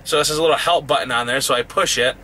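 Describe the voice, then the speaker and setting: A man's voice: medium pitch, very fast, pushed and bright. A man who drives trucks, ranting angrily about a truck stop in a heated, profane, rising voice. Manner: heated, swears constantly, voice rising in outrage. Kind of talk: angry profane rant.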